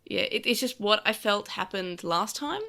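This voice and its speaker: A woman's voice: medium pitch, lively intonation, normal speed, vocal fry, a loud crowd. A woman co-hosting a casual podcast, rambling through stories with lots of fillers, recovering on painkillers after a car crash. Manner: rambling, filler-heavy storytelling. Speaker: podcast co-host.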